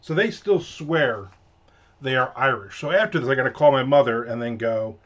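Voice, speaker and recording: A man in his fifties talks in a loose, rambling way, cracking jokes as he goes. His voice sits at an ordinary middle pitch. The stream audio is a little dull and lo-fi. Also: animated, normal speed. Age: 50s. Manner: rambling, joking storyteller who mimics his mother. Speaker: author streaming a live writing session. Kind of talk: casual live-stream chat.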